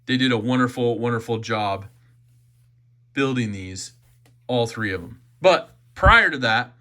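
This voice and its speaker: A man's voice: medium pitch, expressive, unhurried, pushed and bright. A man giving a chatty, enthusiastic knife unboxing review, often repeating his phrases.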